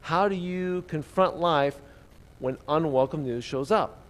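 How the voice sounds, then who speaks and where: A man preaching a sermon in a relaxed, conversational storytelling way, often asking his listeners questions. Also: on the high side, unhurried.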